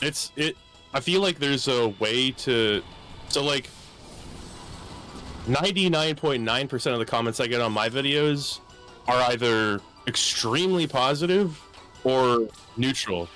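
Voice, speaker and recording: A man's voice: medium pitch, animated, a little slow, a bit bright, faint music behind. A man guesting on a gaming podcast, talking in a thoughtful, reflective way with many hedging fillers. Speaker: podcast guest who makes videos. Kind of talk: casual chat.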